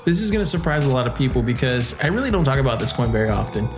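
A man hosting a casual podcast in a lively, swooping voice, hyped and joking, laughing often and leaping into high exclamations. Music plays clearly behind him. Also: rapid-fire. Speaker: podcast host. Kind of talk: casual crypto podcast talk.

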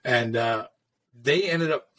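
Husky tattoo guy telling old shop stories, lots of likes and swearing. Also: medium pitch, takes it slowly, a bit bright. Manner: rambling, profane, filler-heavy. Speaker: guest, veteran tattoo artist. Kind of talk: casual storytelling.

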